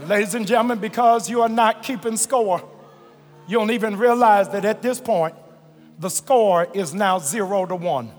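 A man pastor preaching a fervent sermon, stretching and shouting phrases and calling on the congregation to answer. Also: sits high, moderate pace, faint music behind. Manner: colloquial, calls on the congregation to respond. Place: large church sanctuary. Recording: reverberant large hall, live church recording.

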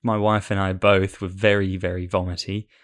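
A man with a fairly low voice co-hosts a relaxed film podcast. He rambles through his stories with a self-deprecating streak and a lot of restarts. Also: normal speed. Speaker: podcast co-host. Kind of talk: casual film podcast chat.

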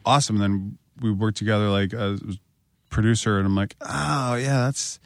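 A man's voice: fairly low pitch, normal speed, dry recording. An American man, a record producer, chatting and joking as a podcast guest. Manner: animated, joking, lively storyteller. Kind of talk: casual podcast chat.

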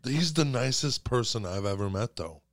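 A man's voice: mid-range voice, lively intonation, normal speed, dry recording, clean studio sound. A man in a casual chat who rambles, swears a lot and laughs often.

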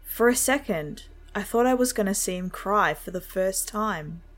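Woman narrating a horror story, measured. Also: mid-range voice, lively intonation, soft background music.

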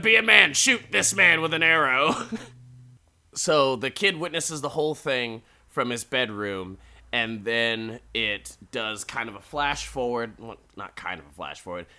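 Chatty man with a bright edgy voice. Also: medium pitch, clear, resonant tone. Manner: chatty, laughing, crude asides. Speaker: podcast host recapping an episode. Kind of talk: casual comedic recap.

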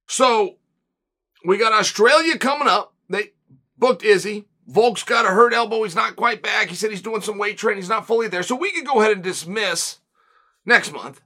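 Bright, high-voiced man firing rhetorical questions. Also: expressive. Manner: rapid-fire rhetorical questions; emphatic and blunt. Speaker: host. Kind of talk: opinionated commentary monologue.

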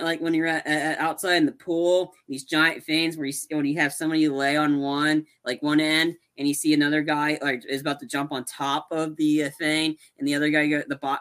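A man co-hosting a podcast, giving a casual, rambling, animated retelling of a movie with many restarts. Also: fairly high pitch. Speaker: podcast co-host. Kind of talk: casual movie recap chat.

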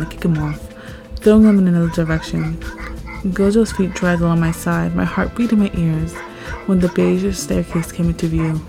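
A woman reading a first-person story aloud, expressive and rising at tense moments. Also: fairly low pitch, moderate pace, vocal fry. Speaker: story narrator. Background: faint background music.

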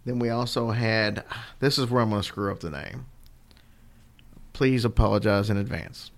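A relaxed man co-hosting a podcast, his voice sitting a little low. He talks in a loose, meandering way, full of little fillers and restarts. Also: normal speed. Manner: rambling and easygoing, with fillers. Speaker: podcast co-host. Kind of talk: casual chat.

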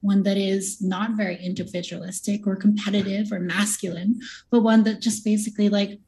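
A woman's voice: medium pitch, flat delivery, a little fast, warm tone. A woman on a debate panel, assertively arguing and citing research. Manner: assertive, cites studies. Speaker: panel guest. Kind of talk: debate argument.

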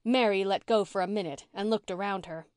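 A woman narrating a classic novel as an audiobook in a measured, expressive reading. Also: mid-range voice, clear, resonant tone, no echo, clean studio sound. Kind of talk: scripted narration.

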